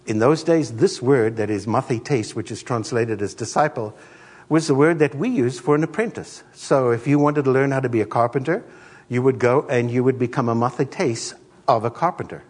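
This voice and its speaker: A middle-aged man preaching a sermon as a pastor, an animated storyteller who acts out the voices in his stories. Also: mid-range voice, normal speed, husky, long reverb tail.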